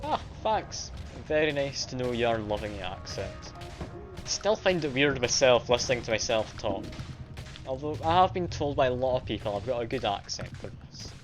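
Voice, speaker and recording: A man's voice: medium pitch, animated, normal speed, soft background music. A man from Scotland with a mild Scottish accent, chatting casually and self-deprecatingly with viewers while streaming a game. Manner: self-deprecating, chatty, reads and answers chat. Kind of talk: casual live-stream chat while playing.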